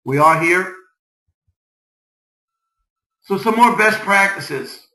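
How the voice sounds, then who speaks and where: A man's voice: sits high, lively intonation, drawn-out words, sharp tone, echoey room, low-quality recording. A man giving an upbeat, motivational business presentation, pressing his points home with short repeated urgings. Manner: upbeat, repetitive exhortations.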